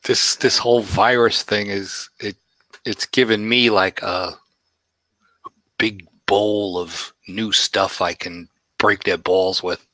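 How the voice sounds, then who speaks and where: A man's voice: on the low side, fairly even intonation, slow pace, sharp tone, dry recording. A middle-aged man, a guest on a podcast, in a blunt, wisecracking casual chat.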